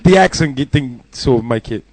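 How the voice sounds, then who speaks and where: A man's voice: medium pitch, expressive, normal speed, no room sound. Crude joking Southern English man. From Southern England. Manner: crude, joking, laughs often. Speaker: radio show co-host. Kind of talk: casual banter.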